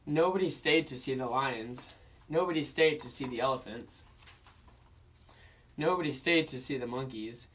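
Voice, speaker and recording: A young man, a student, narrating a children's picture book aloud for an oral interpretation class in a steady storybook manner. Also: mid-range voice, normal speed, pauses often, distant mic. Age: young adult. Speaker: student reader.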